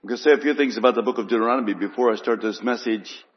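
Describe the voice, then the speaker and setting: A man preaching a sermon in an earnest, unhurried way, piling up emphatic lists. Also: medium pitch, breathy edge. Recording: muffled, long church reverb.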